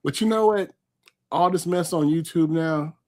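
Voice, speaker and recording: A man from California hosting a live online interview, chatting warmly and reading out viewer comments as he goes. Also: a little high, normal speed. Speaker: host.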